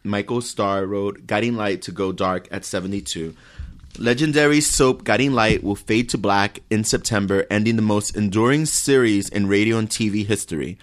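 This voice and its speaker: A man's voice: on the low side, moderate pace. A man co-hosting a podcast who talks earnestly and rambles with repeated words, at times reading news items aloud. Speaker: podcast co-host.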